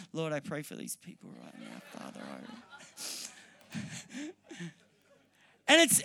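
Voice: sits high, sharp tone. Preacher mid-sermon before a live room; earnest, repetitive for emphasis, light humor with the crowd. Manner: earnest, repeats key phrases for emphasis. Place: church hall or meeting room with an audience.

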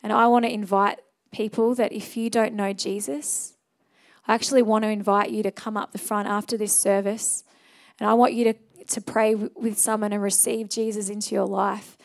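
A woman's voice: medium pitch, flat delivery, moderate pace, vocal fry. A young adult woman delivers a church sermon in a mid-range voice. She talks earnestly and conversationally, with small restarts and fillers. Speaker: preacher. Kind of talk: sermon with altar call and prayer.

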